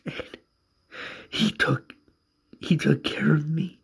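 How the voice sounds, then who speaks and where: A man's voice: a little high, fairly even intonation, takes it slowly, gravelly, husky, whispered, exaggerated voice. A man voicing a grieving young woman in a broken, strained voice that keeps repeating itself.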